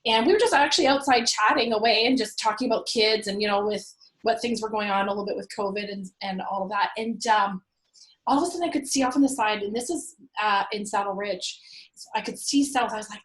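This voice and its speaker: A woman, a real estate investor and landlord, telling an animated story about her rental properties, acting out what people said. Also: a little high, a little fast, echoey room, rough recording. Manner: animated, acts out her own past quotes. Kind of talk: conversational storytelling.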